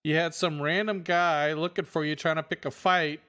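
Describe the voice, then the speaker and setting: A man's voice: a little high, fairly even intonation, moderate pace, pushed and bright, clear, resonant tone. A man co-hosting a podcast in casual chat, easygoing and reacting with agreement. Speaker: podcast co-host.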